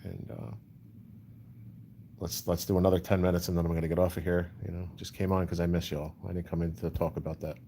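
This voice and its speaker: Low, flat-voiced man chatting on a livestream. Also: fast talker, gravelly, a little hiss or hum. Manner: rambling, repeats "you know", answers chat comments. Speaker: livestream host. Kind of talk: casual livestream chat.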